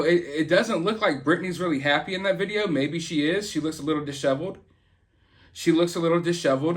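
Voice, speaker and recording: A high-voiced man hosts a casual commentary, rambling in an earnest, opinionated manner. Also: fairly bright tone. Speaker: host.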